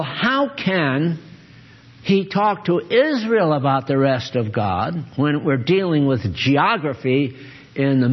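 Slow, husky male preacher with a lively pitch on a dull lo-fi recording, quizzing his congregation mid-sermon. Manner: questions his listeners often. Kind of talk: sermon-style Bible teaching.

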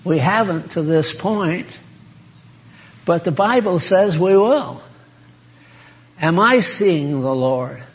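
A man preaching in a chatty, folksy way with a fairly high voice. He takes his time and stays unhurried. He laughs easily and talks straight to his listeners. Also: expressive. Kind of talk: informal sermon.

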